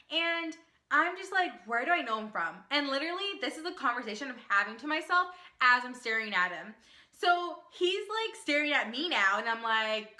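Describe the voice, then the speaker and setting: Bright, bubbly young woman vlogger. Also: high voice. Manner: animated, fast, full of "like" and acted quotes. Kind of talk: excited storytime chat. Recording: echoey room.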